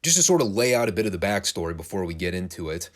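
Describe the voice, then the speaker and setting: Lively low-voiced man recapping wrestling. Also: fast. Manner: animated, laughing, casual swearing. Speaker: wrestling show reviewer. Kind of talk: casual recap commentary.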